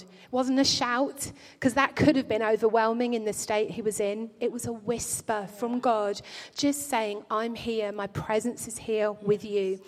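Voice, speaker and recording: Earnest woman preaching in a reverberant church. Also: on the high side. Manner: earnest, gentle and pastoral, with frequent restarts. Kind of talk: sermon. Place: church hall. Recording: long hall reverb.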